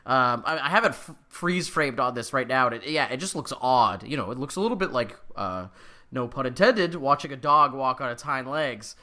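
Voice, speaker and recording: Bright, animated podcast co-host man. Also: medium pitch, moderate pace. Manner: animated, jokey, opinionated. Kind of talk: casual podcast chat.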